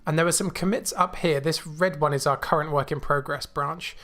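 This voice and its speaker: A man hosting a coding livestream, thinking aloud with many fillers and restarts, a little choked and clearing his throat. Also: on the high side, steady tone, a little fast, fairly bright tone. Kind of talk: casual live coding walkthrough. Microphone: new desk mic.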